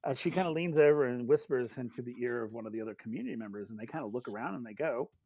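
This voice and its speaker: A man narrating as game master of a tabletop game, chatty and animated, with many fillers. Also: mid-range voice, very fast, breathy edge, dry recording.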